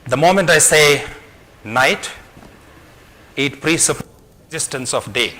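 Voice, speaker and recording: A man's voice: fairly high pitch, expressive, a little slow, sharp tone, rough recording. A man giving a motivational talk to an audience, speaking emphatically, repeating his key phrases and telling a parable.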